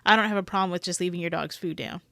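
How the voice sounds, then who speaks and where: A woman's voice: lowish voice, very fast, creaky, pushed and bright, dry recording, studio quality. A woman dog trainer giving rambling, opinionated reaction commentary full of hedges.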